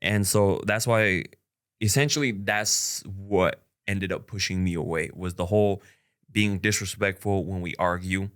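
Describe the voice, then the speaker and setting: Young guy vlogging, kinda low voice, rambly and blunt, lots of fillers. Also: unhurried, a bit bright, clean tone. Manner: rambling, frank, full of "like" and "you know". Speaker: content creator. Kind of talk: candid personal vlog talk.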